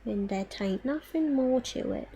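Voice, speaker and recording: A woman's voice: high-pitched, expressive, unhurried, dark tone, slightly rough. A woman streamer chatting casually to her viewers while she crafts, muttering to herself with playful baby-talk words.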